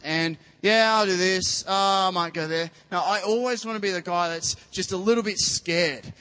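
A man's voice: high voice, a bit bright, in a large hall. A man preaching as a youth pastor in a church, earnest and rambling, with many restarts. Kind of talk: sermon.

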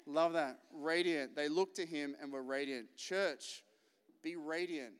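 A man preaching a lively, joking sermon full of anecdotes. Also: a little high, a little slow, clean tone. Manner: chatty, joking, acts out quotes. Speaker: pastor. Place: large church hall. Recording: live church recording with long reverb.

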